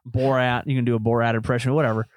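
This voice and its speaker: A man's voice: mid-range voice, flat delivery, rapid-fire, dry recording. A man chatting on a podcast, telling rambling jokey stories. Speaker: podcast co-host. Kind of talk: casual chat.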